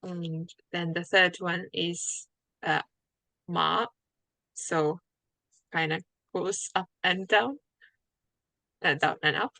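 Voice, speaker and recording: Woman, student, very slow tentative speech, gravelly bright voice, dry sound. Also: lowish voice, fairly even intonation, no echo. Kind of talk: casual online language lesson.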